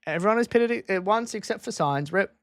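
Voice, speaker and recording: A man's voice: high-pitched, expressive, fairly quick, fairly bright tone, dry recording, studio quality. A man streaming a live race watchalong from a home desk microphone, chatting casually and repeating himself as he reacts to each moment.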